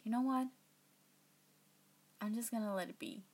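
A woman recording role-play outtakes, giggly and breaking into laughter, sometimes dropping to a soft whisper. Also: fairly high pitch, normal speed.

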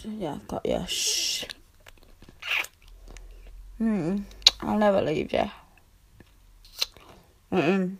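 A young woman in a girlfriend comfort audio role-play, speaking in a soothing, tender, reassuring way with soft hushing. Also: mid-range voice, animated, slow, gravelly, long pauses, slight background noise.

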